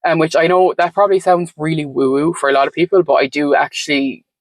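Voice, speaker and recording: A woman with a low, steady voice talks fast as a podcast guest, telling her story in a reflective, meandering way packed with "like" and "um." The recording is rough but has no echo.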